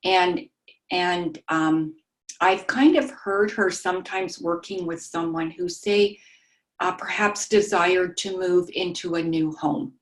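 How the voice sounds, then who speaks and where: A woman sharing in a study group, soft-spoken and halting, with frequent pauses and ums. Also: on the low side. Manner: describes herself as meek and mild.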